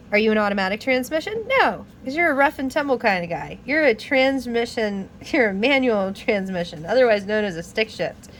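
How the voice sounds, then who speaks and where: A woman vlogger casually explaining car repair while reading a manual aloud, chatty and animated with frequent laughs and exasperated asides. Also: medium pitch, a little hiss or hum.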